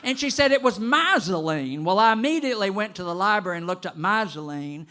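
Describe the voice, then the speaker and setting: An older man telling a personal story to an audience in an animated, conversational way. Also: sits high, fairly quick. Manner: animated and conversational, with vocal sound effects.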